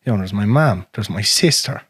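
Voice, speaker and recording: Fast-talking, husky Irish man. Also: lowish voice, expressive, fairly bright tone, no echo, studio quality. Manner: frank and profane, drops to a near whisper on painful memories. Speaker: podcast host. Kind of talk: casual conversation.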